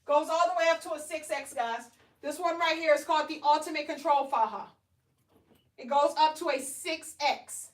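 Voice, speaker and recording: A woman's voice: sits high, moderate pace. A woman hosting a live product demonstration, talking in a chatty, coaxing way and checking in with her viewers. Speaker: host selling shapewear on a livestream. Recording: roomy echo, far from the mic.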